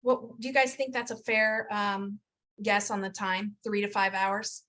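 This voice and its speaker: Chatty upbeat woman running a video call, bright tone. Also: mid-range voice, level tone, a little slow. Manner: upbeat, chatty, laughs often, teasing. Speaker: host of a health coach program info session. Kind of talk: casual video call presentation.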